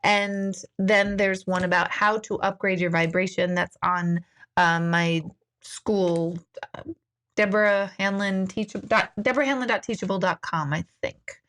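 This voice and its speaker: A chatty woman hosts a relaxed live-stream question-and-answer session from her home. Her talk is informal and friendly. She reads viewers' comments aloud, laughs easily and moves on in an easygoing way. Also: medium pitch, a little slow. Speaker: intuitive hosting a live Q&A. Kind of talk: casual live-stream chat. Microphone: live-stream device mic.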